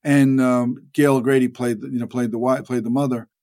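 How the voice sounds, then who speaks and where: This guest actor has a mid-range voice and talks fairly quickly in a casual interview setting. His stories ramble, and he enlivens them by acting out the people he quotes.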